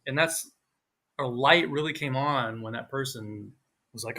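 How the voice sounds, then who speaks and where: A man co-hosting a live online talk, telling stories in a casual, animated way and acting out quoted speech with big jumps in his voice. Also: medium pitch, measured pace, pauses often. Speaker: co-host. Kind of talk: casual chat on a livestream.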